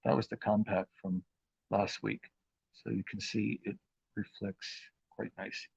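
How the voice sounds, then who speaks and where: A man hosting a live craft demonstration, talking in an unhurried, chatty way with plenty of fillers as he works with his hands. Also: lowish voice, flat delivery, gravelly, a little mellow, breathy edge, no room sound, highs cut off. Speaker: craft demo host.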